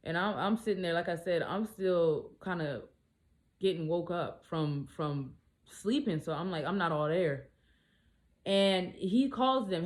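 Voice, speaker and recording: Brief: lower-voiced woman, casual storytime, blunt and animated delivery with cursing. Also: unhurried. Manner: animated, blunt, swears freely. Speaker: single mom vlogger.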